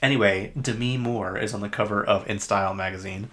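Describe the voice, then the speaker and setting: A man's voice: fairly low pitch, steady tone, a little fast, a bit bright. A man with a Utah accent hosting a podcast, rambling through casual pop-culture chat. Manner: rambling and chatty, with frequent fillers. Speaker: podcast host.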